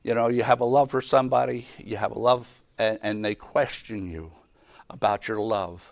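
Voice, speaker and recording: A man's voice: fairly low pitch, steady tone, normal speed, gravelly, highs cut off. Man giving a casual Bible talk. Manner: conversational, repeats and restarts, acts out quotes. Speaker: preacher. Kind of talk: informal Bible teaching.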